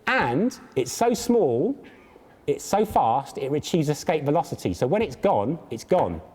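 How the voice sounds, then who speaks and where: A man hosts a comic science demonstration on a live stage, his voice a little high and swooping around a lot. He keeps up a theatrical, joking patter with mock pomposity. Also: very animated, measured pace, a little mellow, slightly rough. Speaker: science show presenter. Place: live stage show at a large public event.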